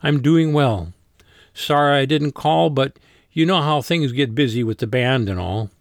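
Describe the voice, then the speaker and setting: A man voicing a raspy, laid-back male polka band front man in an audiobook. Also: medium pitch, unhurried, no echo, studio quality, natural voice. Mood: relieved. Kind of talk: audiobook character voice.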